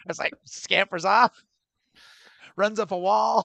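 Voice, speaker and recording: A woman with a gravelly, bright edge to her voice chats loosely as a podcast co-host, rambling, trailing off and laughing often. Her voice sounds close and dry. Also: medium pitch, steady tone, slow, no room sound. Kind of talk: casual chat.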